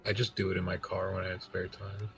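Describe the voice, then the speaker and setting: A man's voice: sits low, flat delivery, fast talker, vocal fry, a bit bright, faint music behind, rough recording. A man chatting matter-of-factly as a player in a tabletop game. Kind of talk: casual chat.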